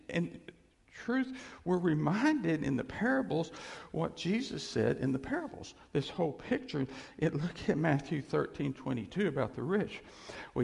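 A man's voice: on the high side, vocal fry. A man preaching a conversational, emphatic sermon, acting out quoted voices. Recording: reverberant hall.

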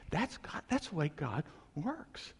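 Animated gravelly male preacher in a hall. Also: on the high side, takes it slowly. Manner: animated, jokey, talks straight to the congregation. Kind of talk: conversational sermon. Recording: long hall reverb.

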